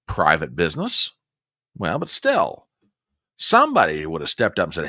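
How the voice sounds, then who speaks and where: A man's voice: low voice, huge pitch swings, moderate pace, pauses often, bright, forceful tone, no echo, clean studio sound. A man hosting a casual news commentary livestream, folksy and chatty as he talks straight to his viewers. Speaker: host.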